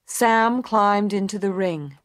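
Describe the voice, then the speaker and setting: A woman narrating a graded English story for learners, reading in a slow, clear and deliberate way. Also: mid-range voice, no room sound, studio quality.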